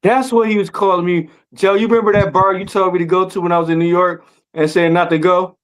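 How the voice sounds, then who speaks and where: High-voiced joking Black man. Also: flat delivery, quick pace, clean tone. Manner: loud, joking, teasing trash talk. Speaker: podcast co-host. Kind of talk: casual chat.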